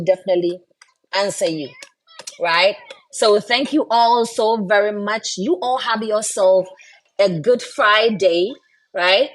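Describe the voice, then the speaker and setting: A woman's voice: mid-range voice, a bit bright. Chatty woman hosting a live stream. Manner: chatty and encouraging, often tags "right?". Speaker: live-stream host and mother. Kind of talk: casual live-stream chat.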